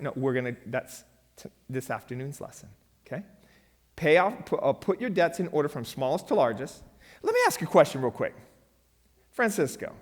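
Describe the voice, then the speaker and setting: A man, a pastor, teaching a church finance lesson in a lively storytelling way and quizzing his audience. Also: mid-range voice. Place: church hall. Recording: long hall reverb.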